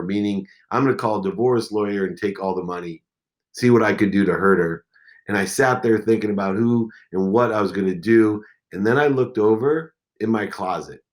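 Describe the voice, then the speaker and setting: A man in his forties with a fairly low voice tells a personal story as a podcast guest. His delivery is intense, and it swings between hushed moments and loud ones. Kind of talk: emotional storytelling.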